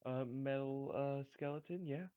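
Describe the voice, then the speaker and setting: A man halting tabletop player, dry sound. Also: medium pitch, fairly even intonation, dry recording, narrow, tinny audio. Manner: halting, full of restarts and fillers. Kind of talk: tabletop role-play banter.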